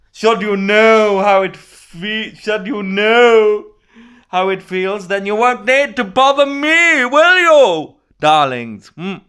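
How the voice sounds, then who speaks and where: A man's voice: high-pitched, fairly bright tone, clean tone, heavily acted. A man playing a pompous posh disability guru. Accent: posh English. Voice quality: plummy, theatrical, calls everyone darling. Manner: grand, rambling, loses his thread. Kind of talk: comic character monologue.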